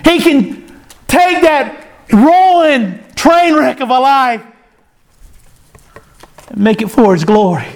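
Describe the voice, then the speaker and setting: High-pitched impassioned preacher. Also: male voice, expressive, takes it slowly, vocal fry, pauses often. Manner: impassioned, rising and falling preaching cadence. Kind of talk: sermon.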